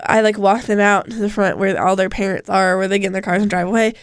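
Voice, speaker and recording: A woman's voice: mid-range voice, fast, clear, resonant tone, no echo, clean studio sound. A young woman co-hosting a podcast, chatting casually and filling her talk with "like". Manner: chatty, with many "like" fillers. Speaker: co-host. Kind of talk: casual chat. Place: radio studio.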